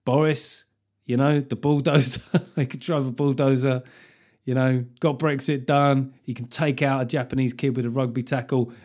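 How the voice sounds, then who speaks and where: A man's voice: mid-range voice, little pitch movement, normal speed, a little mellow. Sweary ranting male podcast host. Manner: sweary, ranting, mock-outraged. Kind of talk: casual comic monologue.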